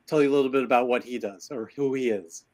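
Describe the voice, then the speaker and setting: A man's voice: mid-range voice, fast, a little mellow. Man, out of breath, rambling and self-deprecating, live stream co-host, video call. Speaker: co-host of a live creative business show. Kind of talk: casual live-stream chat. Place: cluttered home office.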